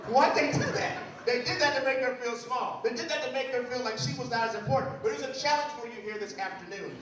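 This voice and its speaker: A man giving a motivational speech to students, telling stories with dramatic pauses and lively acted quotes. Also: high voice. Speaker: motivational speaker. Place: large school hall or gym. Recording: very echoey hall, far-off mic, faint noise.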